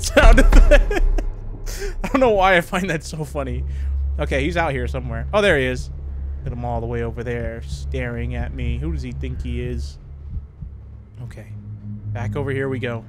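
A young man commenting on a horror game as he plays, jumpy and joking, laughing often. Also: medium pitch. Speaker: gaming youtuber.

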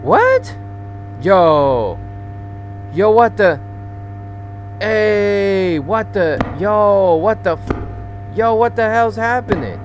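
A man giving casual commentary while playing a horror game, swearing a lot and getting jumpy and loud when something startles him. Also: high voice, slow pace, dull audio, a little hiss or hum. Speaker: gamer and channel host. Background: game music.

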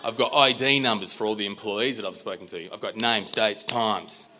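An Australian man tells a personal story live, animated and exasperated, swearing and acting out the dialogue. His pitch is fairly low and he speaks at a normal speed.

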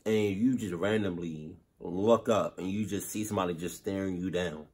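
Man, reaction host, lowish voice, animated, profane slang. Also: moderate pace, slightly rough. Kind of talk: casual reaction commentary.

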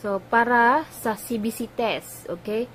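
A woman teaching a language lesson for medical staff. She explains each phrase patiently and repeats it slowly. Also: on the high side, a bit bright, a little hiss or hum, rough recording.

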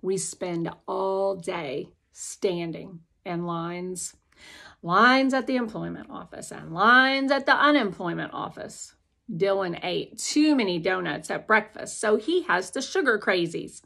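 A woman reads a novel aloud in the first person, taking the voice of a young girl. Her pitch is mid-range, and her pace is slow and unhurried. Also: vocal fry, sharp tone. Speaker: audiobook narrator. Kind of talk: first-person audiobook narration.

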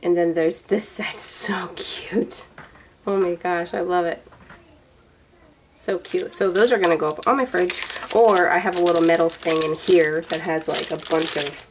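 Woman, 30s, lower-pitched, chatty unboxing vlogger, rambling and gushing; light background hiss. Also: steady tone, moderate pace, rough recording. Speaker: vlogger showing a gift box. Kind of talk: casual show-and-tell unboxing.

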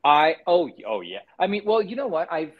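A male actor, a guest in a casual interview, talking in a relaxed and candid way, acting out quotes as he goes. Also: fairly high pitch, a little fast, narrow, tinny audio. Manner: relaxed and candid, with frequent restarts and acted-out quotes.

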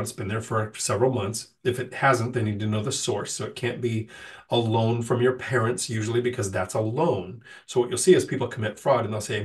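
Heard through a distant mic, a man with a fairly low voice fields viewer questions on a casual livestream. He's slightly nasal, recovering from a cold, and he reads each question before answering it at length in a no-frills manner.

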